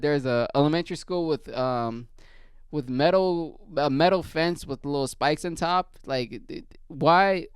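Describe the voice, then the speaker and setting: A man casually telling a rambling, profane story as a podcast host, in a low-key way. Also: moderate pace, clear, resonant tone, dry recording, clean studio sound.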